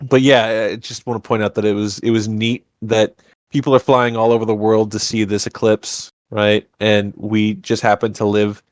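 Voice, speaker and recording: A man co-hosting a podcast, chatting casually as he recaps a cartoon series, relaxed and a little profane. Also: on the low side, normal speed, no echo, clean studio sound. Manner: relaxed, swears casually, retells scenes with playful impressions. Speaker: podcast co-host.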